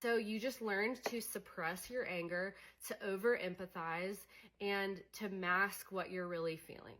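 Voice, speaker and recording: A woman's voice: medium pitch, fairly even intonation, a little slow, a bit bright. A young adult woman coaching on emotions in a candid, conversational way, with many fillers. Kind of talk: casual teaching monologue.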